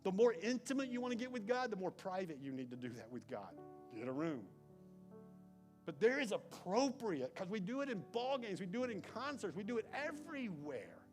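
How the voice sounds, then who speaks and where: A pastor preaches in a church sanctuary, his fairly high voice dropping to near whispers and then climbing to loud, pressing emphasis. He talks to the room like a conversation. Soft music plays faintly underneath. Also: very animated, moderate pace. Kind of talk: sermon.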